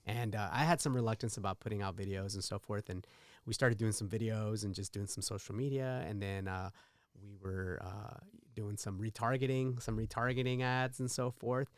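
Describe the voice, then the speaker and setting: A man's voice: fairly low pitch, steady tone, normal speed, no echo. A man telling stories in a casual podcast conversation, rambling with many uhs.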